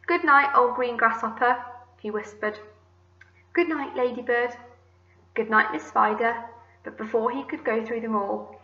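A woman teacher reads a children's book aloud with gentle, expressive storytelling. Her voice is bright and forward. The room rings a little, and the sound is slightly muffled. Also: mid-range voice, echoey room. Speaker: primary school teacher.

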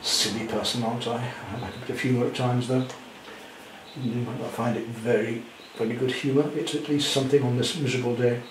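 A man demonstrating a painting at home, chatty with gentle self-deprecating humour. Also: mid-range voice, flat delivery, a little fast, reverberant, background noise. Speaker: art teacher. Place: indoor studio at home.

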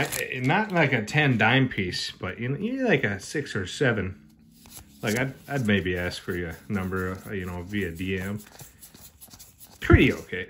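An excitable man hosts his own pack-opening video, chatting loosely with his viewers, cheering at good pulls and ribbing them. Under his voice sits a faint hiss. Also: medium pitch. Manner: excitable, jokey, talks to viewers as brother and man. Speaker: card-opening channel host. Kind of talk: casual unboxing commentary.

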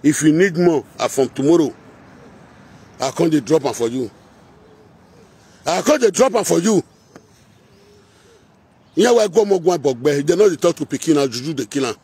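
Speaking at a moderate pace with lively intonation and frequent pauses, a man with a Nigerian Pidgin Edo accent rants confrontationally. His voice is a little high, a little mellow, and husky, and the heated delivery slips into singsong chanting and repetition.

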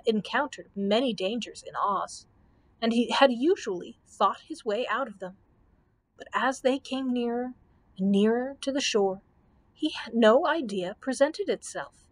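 Woman librarian reading a storybook aloud. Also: on the high side. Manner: clear, steady reading with small slips. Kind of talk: children's book read-aloud.

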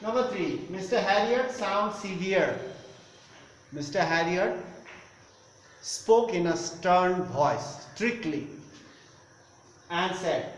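A man's voice: high voice, animated, takes it slowly, pauses often. A male teacher who explains a story in an online class, repeating phrases and defining words. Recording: echoey room with faint noise.

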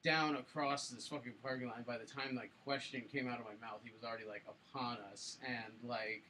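Bright-voiced man telling a rambling story. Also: mid-range voice, steady tone, fairly quick, slight background noise, rough recording. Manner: rambling, filler-heavy, swearing. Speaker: podcast co-host. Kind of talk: casual storytelling chat.

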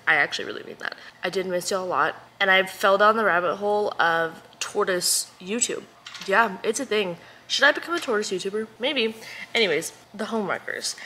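A young woman from Texas, chatting casually to camera as a book vlogger at home, bubbly and talkative with quiet whispered asides. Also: medium pitch, slight background noise. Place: at home indoors.

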